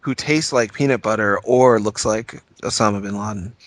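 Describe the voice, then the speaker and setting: A man's voice: lowish voice, normal speed. A man co-hosting a comedy podcast, answering a friend's story with skeptical questions and dry objections. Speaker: podcast co-host.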